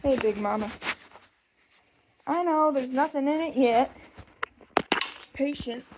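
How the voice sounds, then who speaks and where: A woman's voice: high-pitched, slow, noisy background. A young woman chatting casually outdoors on a ranch while doing chores, rambling and joking about herself into a handheld phone. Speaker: ranch vlogger.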